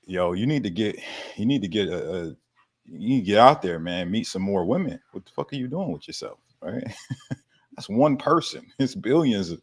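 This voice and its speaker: A man's voice: on the low side, animated, moderate pace, breathy edge. A man hosting a casual livestream Q&A about fitness, with laid-back slangy banter, frequent laughs and casual swearing. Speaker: fitness coach hosting a live Q&A.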